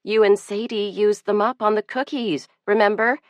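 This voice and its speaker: A woman voicing a prim, defensive young girl in an audiobook, high and slow. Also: fairly even intonation, no room sound, lightly acted.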